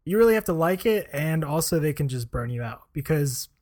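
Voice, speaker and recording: A man's voice: fairly high pitch, expressive, a little fast, a little mellow. Rambling man full of fillers. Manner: rambling, lots of "like" and "you know" fillers. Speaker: co-host, former aviation salesman. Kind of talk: casual podcast chat.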